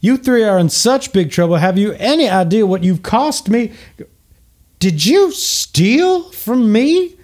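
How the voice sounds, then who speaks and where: A man voicing an angry little male tiefling noble in a tabletop game, shrill and indignant. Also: very animated, unhurried, a little mellow. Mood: outraged.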